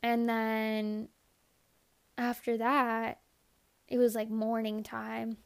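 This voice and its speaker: A woman's voice: fairly high pitch, monotone, very slow, gravelly, clean tone. A young adult woman telling a candid, profane story in a casual monologue. She rambles, says "like" often and acts out her own thoughts in quotes.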